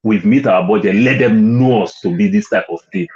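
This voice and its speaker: A man's voice: fairly low pitch, a little fast, highs cut off, a crowd in the background. A Nigerian man in casual conversation, slipping into Pidgin and making his points with emphasis. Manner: mixes in Pidgin, emphatic and persuasive. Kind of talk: casual chat.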